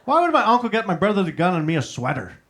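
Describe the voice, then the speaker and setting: A man's voice: high voice, huge pitch swings, fairly bright tone, a little hiss or hum. Man telling stand-up stories. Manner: storytelling with punchy asides and crowd banter; tags jokes with a quick "right?". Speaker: stand-up comedian. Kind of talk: stand-up comedy set. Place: live comedy showroom.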